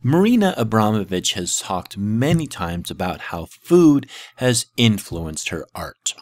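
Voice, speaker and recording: Sarcastic low-voiced man, animated and dry. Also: measured pace, no echo. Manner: sarcastic, exasperated. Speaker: commentator debunking a video. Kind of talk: reaction commentary.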